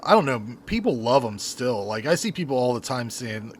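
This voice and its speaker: A man's voice: medium pitch, sing-song, brisk, slight background noise. A middle-aged man co-hosting a podcast from his bedroom, laid-back and swearing, with hesitant restarts. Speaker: podcast co-host. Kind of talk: casual chat. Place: bedroom at home.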